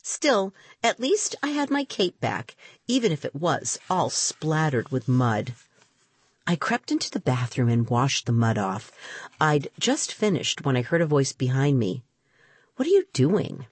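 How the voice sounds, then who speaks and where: A woman reads a children's story aloud in the first person with a husky, lowish voice. Her pitch swings widely as she brings the scenes to life. The recording is dry and close. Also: a little slow, no echo. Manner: animated, expressive reading. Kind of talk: storybook narration.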